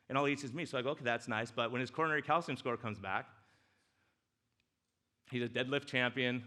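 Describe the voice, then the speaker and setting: Bright-voiced man giving an animated talk. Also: medium pitch. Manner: animated and joking, swings between loud excitement and soft emotion. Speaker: doctor speaking at a church men's breakfast. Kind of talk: casual talk with slides. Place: church hall.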